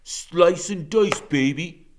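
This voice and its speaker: A man's voice: fairly high pitch, takes it slowly, noisy background, pitched above the performer's own voice. A man voicing a cruel, taunting teenage gang leader while reading a novel aloud. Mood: gloating. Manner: shouting, menacing taunts.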